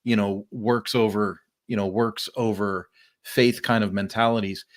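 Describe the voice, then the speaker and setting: A man's voice: lowish voice, a little slow. Upbeat middle-aged man telling stories. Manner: animated storyteller, acts out friendly greetings. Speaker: podcast host. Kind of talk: casual interview chat. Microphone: remote live-stream call.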